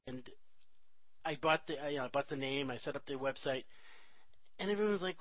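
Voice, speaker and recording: A man's voice: on the high side, dry recording, highs cut off. A man, hosting a casual chat and cracking jokes. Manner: joking, chatty, quick asides.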